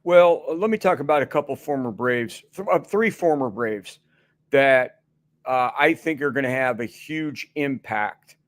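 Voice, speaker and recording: A man's voice: medium pitch, animated, unhurried, no room sound, studio quality. A middle-aged man as a guest on a sports radio show, chatting casually and rambling with many restarts and fillers.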